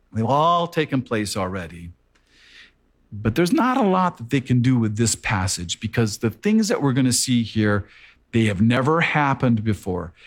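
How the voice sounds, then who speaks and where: A man preaching a sermon in an earnest, measured way, repeating words for emphasis. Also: lowish voice, husky.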